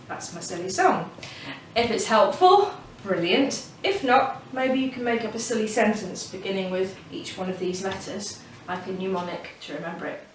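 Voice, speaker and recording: A woman's voice: mid-range voice, expressive, moderate pace. A woman teaching children about reading with a patient, encouraging manner, recorded at home. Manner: patient and encouraging, sings a silly song. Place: home during lockdown. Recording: echoey room, far from mic, faint hiss.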